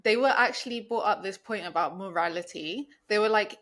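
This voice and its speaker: A woman's voice: medium pitch, brisk, few pauses, fairly bright tone. A young woman co-hosting a podcast, talking casually and rambling with many restarts and fillers. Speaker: podcast co-host. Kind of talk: casual chat.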